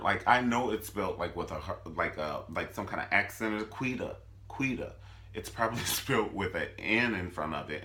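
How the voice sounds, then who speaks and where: A man giving a sassy, animated comedic recap of a TV drama, swooping between squeals and low mutters. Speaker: vlogger reviewing a TV drama.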